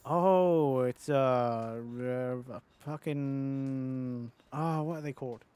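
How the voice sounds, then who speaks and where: A man in his thirties chatting loosely while he streams a game. He rambles and mocks himself, swears freely and laughs a lot. His pitch sits in an ordinary middle range. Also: takes it slowly, darkish tone, smooth. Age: 30s. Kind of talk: casual live-stream chat.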